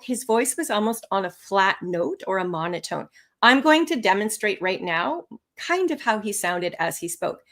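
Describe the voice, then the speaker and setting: Expressive woman teaching English online. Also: mid-range voice. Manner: lively, expressive intonation. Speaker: English test instructor. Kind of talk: live webinar teaching.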